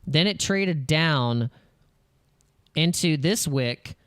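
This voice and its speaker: A man hosting a crypto channel, talking over charts in casual, excitable commentary and acting out panicky investor voices. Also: a little high, extremely slow, smooth, no room sound, studio quality.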